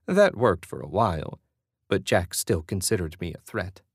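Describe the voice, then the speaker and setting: A male audiobook narrator with a lowish voice reads in a steady, even way. The recording is close and very dry, with no room around it. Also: normal speed, breathy edge, no room sound. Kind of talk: scripted narration.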